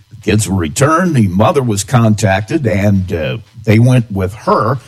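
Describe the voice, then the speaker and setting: A man reads a local radio news bulletin. His pitch sits in a middling range, and he keeps a steady, even newsreader delivery from item to item.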